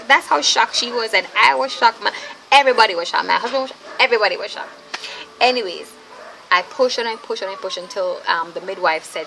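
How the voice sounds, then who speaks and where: A young woman telling a story in a casual, animated vlog, chatty and often laughing, speaking to viewers as "ladies". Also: medium pitch, brisk, gravelly, slight background noise, rough recording. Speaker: vlogger, mother.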